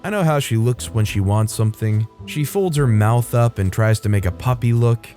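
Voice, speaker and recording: A man reading a first-person story aloud in a steady, even scripted narration. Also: medium pitch, normal speed. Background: faint background music.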